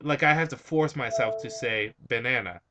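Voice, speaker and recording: A man's voice: medium pitch, normal speed, highs cut off, noisy background. Rambling young man, slight Spanish-tinged accent. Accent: slight Spanish-influenced accent on some words. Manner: rambling, hesitant, many fillers. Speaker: vlog host answering viewer questions. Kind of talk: casual chat.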